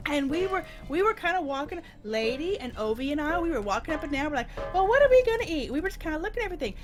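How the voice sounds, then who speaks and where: A woman chatting on a game stream, telling a long story in an animated, giggly and talkative way. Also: high-pitched, racing, soft background music. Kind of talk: casual storytelling chat during gameplay.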